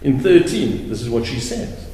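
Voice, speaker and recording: A male advocate giving a deliberate, emphatic courtroom argument, repeating words for stress. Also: mid-range voice, sing-song, mellow, a little hiss or hum. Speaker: advocate arguing an appeal. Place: large courtroom. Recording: very echoey courtroom with long reverb.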